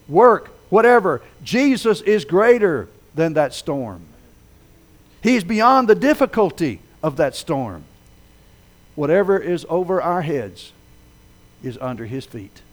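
Male pastor, sermon, lively pitch that swoops widely, builds and drops for dramatic storytelling. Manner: dramatic storytelling delivery, swelling loud then dropping low.

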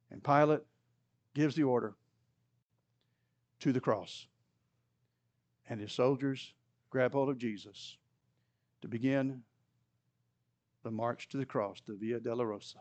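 A man's voice: expressive, a little slow, pauses often, fairly bright tone. A man teaching a Bible study lesson in a conversational way, now and then acting out the voices in the story. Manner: conversational, acts out quoted voices with rising pitch.

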